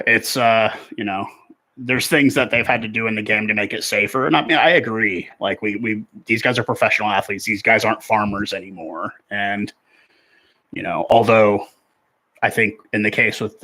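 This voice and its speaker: Bright-voiced rugby fan in his forties. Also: lowish voice. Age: 40s. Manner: rambling, conversational, filler-heavy. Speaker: rugby live-stream host. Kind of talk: casual live match chat and commentary.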